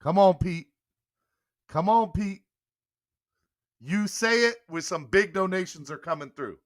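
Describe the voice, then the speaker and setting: A man's voice: high-pitched, animated, measured pace. A young man hosting a casual live-stream sports show, playfully coaxing a guest and laughing often. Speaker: podcast host.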